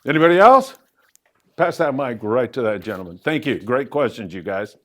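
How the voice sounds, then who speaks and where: Middle-aged man telling lively fishing stories. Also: normal speed. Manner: lively anecdotal storyteller with loose fillers, pitch jumping up for emphasis. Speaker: fishing show host answering audience questions. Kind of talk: live Q&A storytelling. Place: event room with a live audience.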